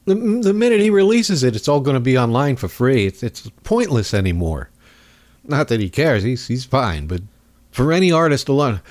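A man's voice: medium pitch, very animated, moderate pace, a little mellow. A man hosting a talk radio show, talking in a rambling, sarcastic way with mocking asides. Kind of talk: casual political talk radio monologue. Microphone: studio microphone.

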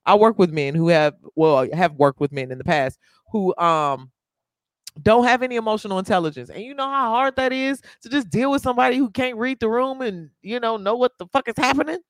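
A man's voice: high voice, a little fast, no room sound, studio quality. A man hosting a podcast, chatting casually in a blunt, swearing way and laughing often. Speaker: podcast host. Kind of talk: casual conversation.

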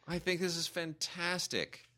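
A man's voice: fairly high pitch, over a noisy crowd. A man co-hosting a casual film review podcast, talking enthusiastically and arguing his opinions. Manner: enthusiastic, argumentative, speeds up and slows down. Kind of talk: casual chat reviewing films.

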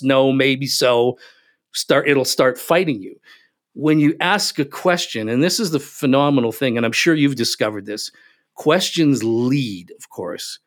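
A man speaking as a podcast guest, telling stories with emphatic, animated delivery. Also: mid-range voice, moderate pace. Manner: animated, emphatic, acts out quotes. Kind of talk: casual interview storytelling.

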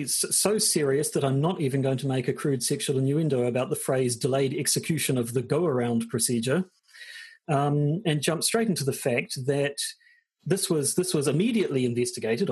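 A man's voice: medium pitch, darkish tone, slightly rough. A man co-hosting a podcast, talking in a casual, dry and joking way with lots of hesitant ums. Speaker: podcast co-host.

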